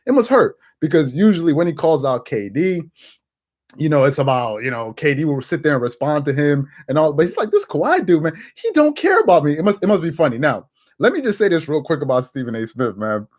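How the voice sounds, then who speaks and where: Brief: male sports host, voice on the high side, chatty and excitable, stumbles and restarts. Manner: animated, laughing, with quick repeated restarts. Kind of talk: casual sports commentary.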